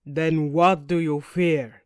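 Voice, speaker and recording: A woman's voice: deep voice, steady tone, slow pace, no echo, studio quality. A woman doing a blunt Swedish oarsman. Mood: chanting. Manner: barked commands, chanting verse. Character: gruff male Swedish oarsman, loyal and blunt.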